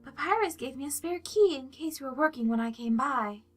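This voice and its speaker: A woman reading a fan story aloud, voicing a gentle, motherly female monster who speaks softly and formally. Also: sits high, animated, brisk, soft background music, voice pushed up. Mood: caring. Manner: soft, formal, motherly concern.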